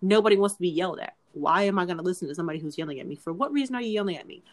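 A woman's voice: on the low side, animated, rapid-fire. Earnest woman podcaster pleading with listeners. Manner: earnest, pleading, repeats herself. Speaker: podcast co-host. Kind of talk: casual chat.

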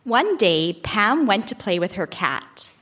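A woman's voice: mid-range voice, big pitch swings, takes it slowly, a bit bright. A woman reading her own childhood story aloud on a theater stage, mock-earnest and laughing as she goes.

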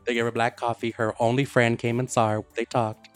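A man's voice: mid-range voice, fairly quick, faint music behind. Profane man telling a story casually. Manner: profane, animated retelling with quoted voices. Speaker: podcast host.

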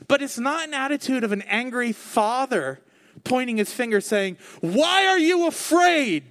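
A man in his thirties, a pastor giving a conversational sermon, joking at himself and acting out quoted lines. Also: high voice. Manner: conversational, self-mocking, acts out quoted voices.

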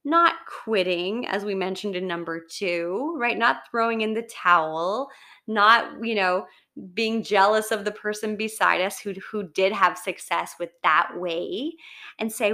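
A woman's voice: mid-range voice, a little slow, sharp tone. A woman giving a chatty, encouraging motivational talk, often checking in with "right?".

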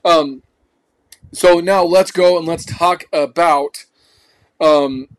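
A man's voice: a little high, steady tone, slow pace. A man hosting a podcast, giving an emphatic, slangy motivational talk. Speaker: podcast host.

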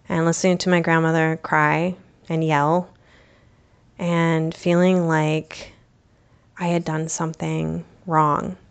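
A woman's voice: deep voice, creaky, smooth. A young adult woman from the United States, hosting a podcast and telling a personal story in a reflective, candid way with casual fillers. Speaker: podcast host.

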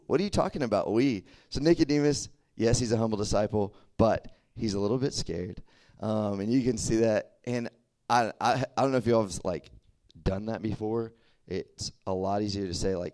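A young man giving a casual, chatty sermon, full of fillers and quick asides to his listeners. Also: fairly low pitch. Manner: chatty and animated, full of "like" and "okay?". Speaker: preacher. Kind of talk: casual sermon to a youth group.

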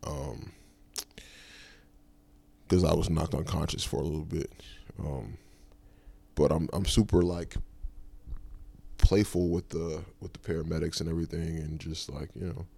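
A man's voice: extremely low pitch, flat delivery, unhurried, vocal fry, long pauses, a little mellow, husky, no echo. A man hosting his own podcast, casually retelling a personal story in a loose, rambling way with lots of fillers. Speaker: podcast host.

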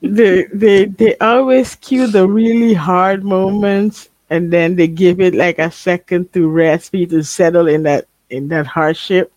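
Male podcast co-host, high and unhurried, casual slangy chat full of laughs, dry recording. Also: steady tone, a little mellow, no echo. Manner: laid-back slang, laughs often. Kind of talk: casual chat about an anime.

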